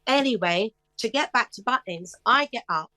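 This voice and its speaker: A woman's voice: a little high, normal speed, dry recording. A woman in her fifties tells stories with animation. She slips into other people's voices and hums bits of songs. The recording is close and dry, with no room sound. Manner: animated storyteller who acts out voices and sings snatches of songs. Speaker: singer, interview guest. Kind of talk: casual storytelling interview.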